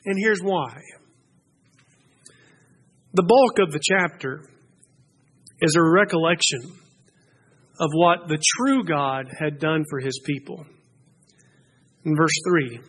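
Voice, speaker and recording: A man preaching with a high, bright voice. He leans hard into key phrases and lifts them, building his points with emphatic force. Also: moderate pace. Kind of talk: sermon.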